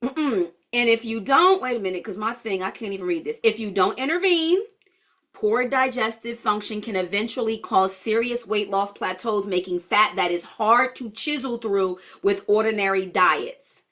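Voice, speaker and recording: A woman's voice: medium pitch, normal speed, a bit bright. A woman leading a live-streamed holistic health class, chatty and blunt, answering viewer comments as she goes.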